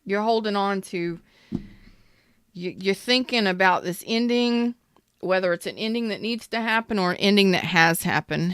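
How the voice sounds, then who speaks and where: Woman doing a live tarot reading, chatty and blunt, cusses a bit, smooth clear voice, dry sound. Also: mid-range voice, normal speed, fairly bright tone, no room sound. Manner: chatty and blunt, swears, greets viewers by name. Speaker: tarot reader.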